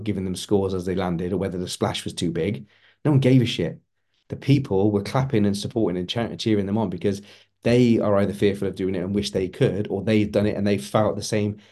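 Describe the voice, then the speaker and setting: A middle-aged man speaks as a coach in a motivational talk, earnest and emphatic, often repeating words to drive a point home. His voice sits a little low, with a warm, mellow tone.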